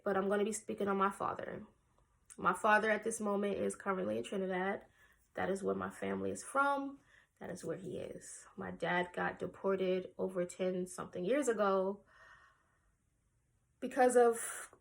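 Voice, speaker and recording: A woman's voice: medium pitch, a bit bright. A woman in her twenties, a vlogger, candidly telling a personal story to camera in a raw, emotional and blunt way, swearing casually.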